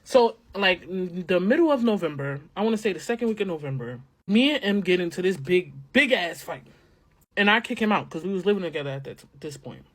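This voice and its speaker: A woman's voice: on the low side, expressive, fairly quick. A woman telling a candid casual storytime about her relationship, chatty and slangy.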